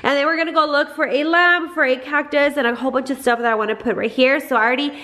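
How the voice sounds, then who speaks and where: A woman's voice: sits high, steady tone, fast, pushed and bright. A young woman vlogging about her family in casual chat, with a stuffy nose and lots of "like" and "guys".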